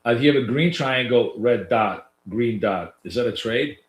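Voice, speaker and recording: Coaching viewers through live trading, a man keeps up loose, chatty commentary full of fillers and restarts. He speaks at normal speed in a nasal, mid-range voice, with roomy echo on the recording.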